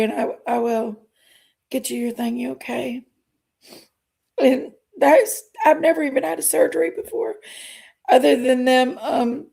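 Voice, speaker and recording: A middle-aged woman, chatting on her livestream in a halting, emotional way, sighing between phrases. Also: high voice, gravelly, warm tone, breathy edge. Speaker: livestream host. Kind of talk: casual livestream chat.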